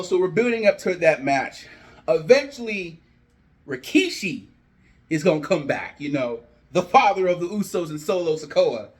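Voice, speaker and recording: A man telling a wrestling storyline in a casual, animated way and acting out the wrestlers' lines. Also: high voice. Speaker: wrestling booking commentator. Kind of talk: casual fantasy booking rant.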